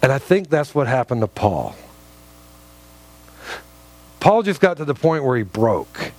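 A man's voice: mid-range voice, huge pitch swings, measured pace, darkish tone. A man preaching a sermon, telling stories and often repeating words as he restarts. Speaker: pastor.

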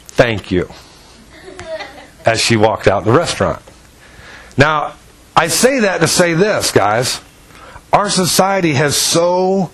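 A pastor preaching to his congregation, telling stories with animated delivery and acting out the people in them. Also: low-quality recording. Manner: animated storytelling, acts out voices with pitch jumps. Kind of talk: sermon.

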